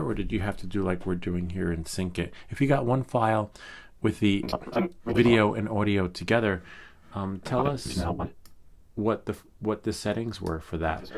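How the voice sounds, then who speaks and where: A middle-aged man with a very low voice walks through a software tutorial in a loose, unscripted way. He rambles, wanders off into asides and fills the gaps with ums and uhs. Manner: rambling, chatty, with many fillers and asides. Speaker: tech tutorial host. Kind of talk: casual screen-recorded tutorial.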